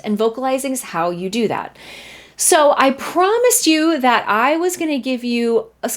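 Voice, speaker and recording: A woman in her thirties hosting a singing lesson podcast, chatting casually and breaking into short sung vocal examples. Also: a little high. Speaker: voice teacher and podcast host. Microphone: studio mic.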